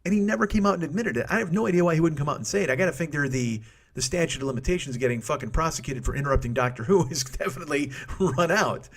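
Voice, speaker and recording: A man in his forties rattles through a comedy podcast monologue at a quick clip, his voice sitting a little high. He swears freely, breaks off mid-sentence and chuckles at his own jokes. He is recorded close on a studio microphone at home. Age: 40s. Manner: profane, self-interrupting, laughs at own jokes.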